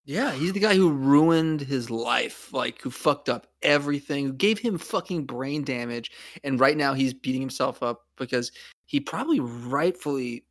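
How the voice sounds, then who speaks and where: A man's voice: mid-range voice, animated, moderate pace, no room sound, studio quality. A man in casual chat about a TV series, rambling with many fillers and casual swearing. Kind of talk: casual chat recapping a TV show.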